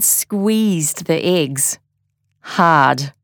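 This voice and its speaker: Woman narrator for a children's storybook. Slow, measured, close and dry. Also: low-pitched, clear, resonant tone, no echo.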